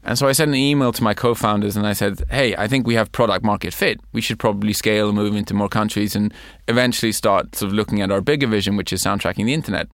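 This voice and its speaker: Gravelly man telling a business story. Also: fairly low pitch, steady tone, a bit bright, dry recording, studio quality. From Sweden. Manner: measured, explanatory, builds points in lists. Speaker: company CEO and co-founder, guest. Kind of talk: conversational storytelling interview.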